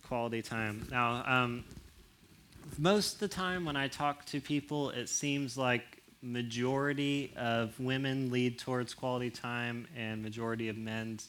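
A young man with a mid-range voice talks casually about relationships, acting out what people say in big expressive swings. When a point turns serious he goes quiet and low. A faint hiss sits under the recording. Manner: animated, acts out quoted voices with big pitch jumps. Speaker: speaker on relationships. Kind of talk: casual talk to an audience.

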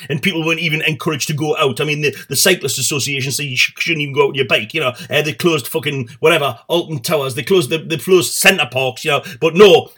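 A man's voice: medium pitch, pushed and bright. A middle-aged man hosting a satirical comedy show, rambling and swearing with stumbling restarts.

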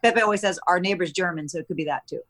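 A woman's voice: on the low side, rapid-fire, a bit bright. A woman guest in a casual chat, telling stories and acting out her partner's lines.

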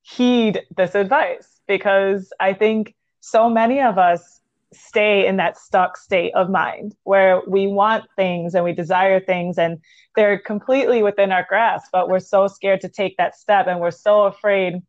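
A woman's voice: medium pitch, steady tone, unhurried. A woman hosts a podcast interview in a supportive, encouraging way, laughing lightly between her thoughts. The recording is dull and lo-fi, with a dry sound that has no room echo. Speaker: podcast host. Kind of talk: casual interview chat.

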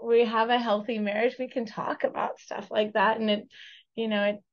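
A woman's voice: a little high, flat delivery, normal speed, dull audio. A woman speaking as a podcast guest, gushing and laughing easily in casual conversation.

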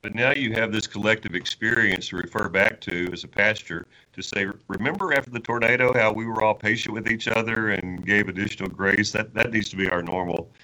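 A man's voice: fairly low pitch, fairly even intonation, a little fast, hardly any pauses, pushed and bright, poor audio. A male interviewer asking a pastor eager, playful questions, often restarting as he goes. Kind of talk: conversational interview.

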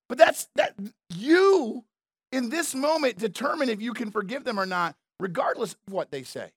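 A man's voice: very high-pitched, lively intonation, normal speed, slightly rough, dry recording, studio quality. A man preaching a sermon as a pastor, emphatic and conversational, repeating his key phrases. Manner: emphatic, repetitive, conversational preaching with asides to the crowd.

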